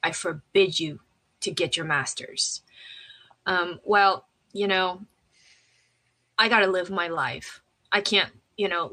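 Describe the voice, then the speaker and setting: A woman with a bright, forceful voice sits as an interview guest and tells her personal story. She talks in a lively, animated way, slips into the voices of the people she quotes, and often restarts her sentences with fillers. Her voice sits somewhat low for a woman. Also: low-quality recording.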